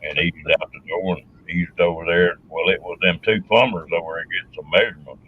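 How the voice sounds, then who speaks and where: A man telling a story in casual chat, with a drawling, gravelly way of talking. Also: deep voice, steady tone, fast talker. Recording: dull lo-fi sound.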